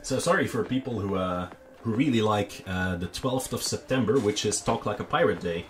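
A man hosting a hobby channel, explaining in a relaxed, casual monologue with frequent ums and restarts. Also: on the low side, normal speed, soft background music. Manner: relaxed, conversational. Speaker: miniature painting channel host.

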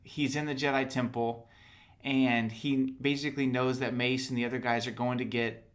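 Animated man chatting on a podcast. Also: medium pitch, normal speed. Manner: animated, acts out quotes in raised voices. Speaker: podcast co-host. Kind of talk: casual fan chat.

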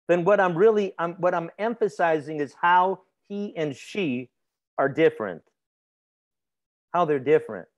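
A man's voice: a little high, animated, measured pace. A man teaching a grammar lesson in a conversational way, asking his students questions and laughing easily. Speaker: instructor. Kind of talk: classroom grammar lecture.

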